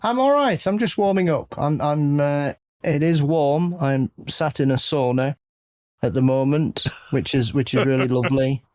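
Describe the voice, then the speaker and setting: A man's voice: a little high, moderate pace, darkish tone. A man from England with an English accent, co-hosting a podcast with wry, self-mocking banter. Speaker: podcast co-host. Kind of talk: casual podcast chat.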